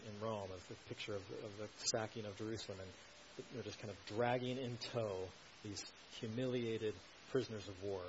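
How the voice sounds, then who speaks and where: A man preaching an expository sermon, explaining a passage with earnest emphasis. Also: fairly low pitch. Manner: earnest, explanatory, builds emphasis on key points. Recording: slightly dull recording with faint hiss.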